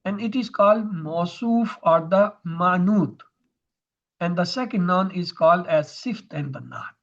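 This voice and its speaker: A man's voice: high voice, lively intonation, measured pace, creaky, a bit bright, lo-fi sound. A man teaching Arabic grammar in an online lesson, explaining terms step by step over a video call.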